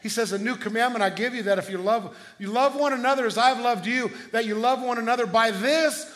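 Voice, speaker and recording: A middle-aged man preaching a sermon as pastor, telling stories in a conversational way with quick restarts. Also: extremely high pitch, fairly bright tone.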